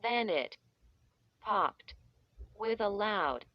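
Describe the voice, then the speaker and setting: Slow, deliberate woman reading a story aloud. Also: mid-range voice, lively intonation, no room sound. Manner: deliberate, acting out sound effects. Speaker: audiobook reader. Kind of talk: scripted storybook narration. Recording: dull, slightly muffled audio.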